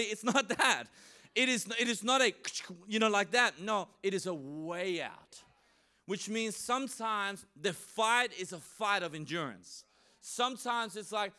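A high-pitched man delivers a sermon with energy and humor. He slips in playful voices for the people he quotes. His tone is bright and his delivery is smooth and clear. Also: expressive, unhurried. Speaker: pastor. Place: church.

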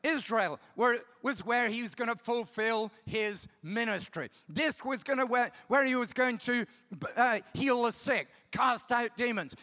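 A man's voice: very high voice, fairly bright tone. A middle-aged man preaching a sermon, emphatic, repeating key words and checking in with the audience. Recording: long reverb of a large hall.

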